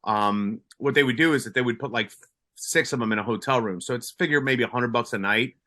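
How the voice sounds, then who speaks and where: A man's voice: mid-range voice, a little fast, bright, forceful tone. A retired police sergeant from Colombia, a man, telling a story in a casual interview, with many restarts and fillers.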